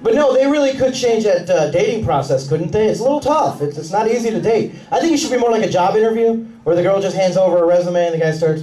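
A man doing a stand-up comedy set with a punchy, animated delivery and quick put-on voices. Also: high-pitched. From Mexican family roots. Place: comedy club on stage. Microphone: handheld stage mic. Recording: roomy club sound with laughing crowd, taken from far off. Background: audience laughter.

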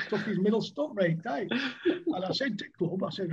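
A man's voice: sits high, lively intonation, moderate pace, gravelly, darkish tone, breathy edge, muffled recording. An older man telling rambling cricket-club anecdotes in a casual chat, often laughing. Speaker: guest, former cricketer. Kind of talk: casual storytelling.

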